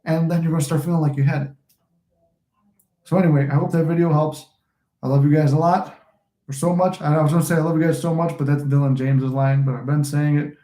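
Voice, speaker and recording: A man's voice: a little high, fairly even intonation, fairly quick, mellow, reverberant. A man who coaches manifestation, giving a casual, rambling motivational talk to camera and swearing now and then.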